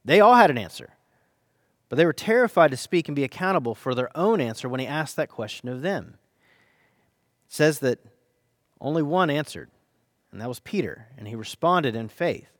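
An American man, a pastor, delivering a sermon with earnest, dynamic emphasis, slowing down to stress key phrases. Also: fairly high pitch, animated, dry recording, studio quality.

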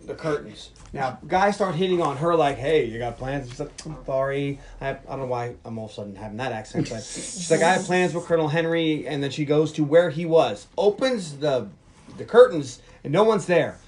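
A man's voice: a little high, a little fast, a little hiss or hum. A man co-hosting a movie podcast, retelling scenes in casual chat and acting out quotes. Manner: animated storyteller, acts out quotes. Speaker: podcast co-host.

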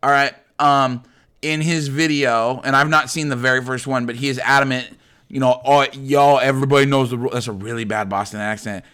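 A man's voice: mid-range voice, fairly even intonation, moderate pace, pushed and bright, clear, resonant tone. A young man co-hosting a podcast, chatting casually and ranting bluntly with crude jokes. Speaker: podcast co-host. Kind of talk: casual chat.

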